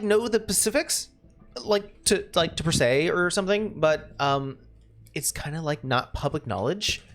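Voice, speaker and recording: A man's voice: fairly high pitch, fairly bright tone. A man voicing a ditzy young Valley Girl woman, hesitant and full of "like" and "um", in a tabletop game. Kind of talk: tabletop role-play voice acting.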